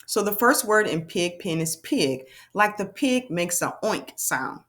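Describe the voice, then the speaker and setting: Woman, children's reading teacher, animated sing-song delivery, slow sounding out, mid pitch. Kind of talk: children's phonics lesson.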